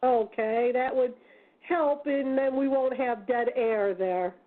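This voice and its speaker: A woman with a high voice hosts a talk radio show, chatty and full of homely asides. She sounds thin and tinny, like she is on a phone line. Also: slow. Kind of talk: casual talk radio hosting.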